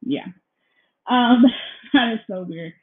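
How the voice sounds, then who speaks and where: A woman's voice: on the high side, slow pace. A young woman talks through her solo podcast from her apartment, rambling and apologizing, with a nervous edge. Her words are full of ums and "you guys." The sound is thin and tinny, recorded straight into a laptop. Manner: nervous, feels out of breath. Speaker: podcast host. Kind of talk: casual solo podcast chat. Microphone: laptop recording, headphones in.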